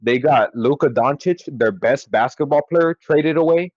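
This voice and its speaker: A young man co-hosting a podcast in casual chat, excitable and quick to swear and laugh. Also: medium pitch, dry recording. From California. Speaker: podcast co-host. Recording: dry, dull lo-fi sound.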